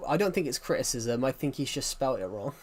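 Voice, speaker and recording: A man's voice: medium pitch, animated, brisk. Opinionated British man chatting on stream. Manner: opinionated, rambling with many restarts. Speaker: livestreamer. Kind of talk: casual livestream chat.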